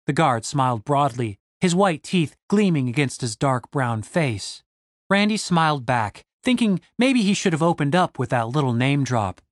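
Expressive male audiobook narrator. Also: on the high side, moderate pace, dry recording, studio quality.

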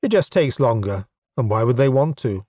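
Man voicing a deadpan goblin chief. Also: medium pitch, normal speed, dry recording, studio quality. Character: blunt, self-satisfied male goblin leader. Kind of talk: audiobook character voice.

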